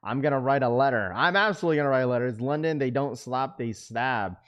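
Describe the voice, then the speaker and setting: Clear and resonant, a young man talks fast while hosting a laid-back live stream. He reads comments aloud and answers with slangy banter, going loud and high when he's fired up.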